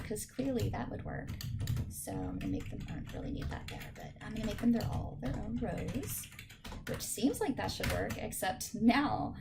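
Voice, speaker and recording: Woman tutor with a gravelly edge, talking through code in a casual, joking way, noisy recording with typing behind. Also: medium pitch. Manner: chatty, self-deprecating, thinking aloud. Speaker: programming teacher. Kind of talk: screen-recorded coding tutorial.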